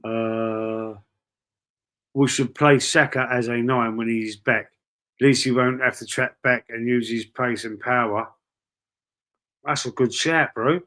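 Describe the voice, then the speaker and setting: A man's voice: medium pitch, fairly even intonation, slow, pauses often, bright, forceful tone. A man from East London with a Cockney accent, hosting a casual live stream, reading out chat and swearing freely as he talks. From East London, England. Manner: chatty, swears freely, calls viewers bro and mate. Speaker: livestream host reading chat.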